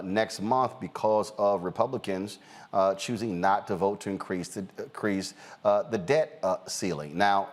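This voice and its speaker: A man hosting a political talk show, emphatic and animated, with an American accent, often repeating words for punch. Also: on the low side. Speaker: host. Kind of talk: opinionated political commentary.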